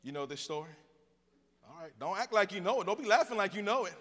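A man's voice: high-pitched, expressive, quick pace, a bit bright, big-room sound. A man preaching a sermon in a church, joking with the congregation and drawing answers back from them. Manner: call-and-response with the congregation; playful storytelling. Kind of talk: sermon with jokes.

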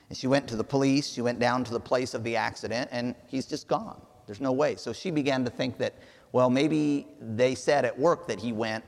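A man's voice: mid-range voice, vocal fry, big-room sound. A man preaching a sermon, telling a story in an earnest way.

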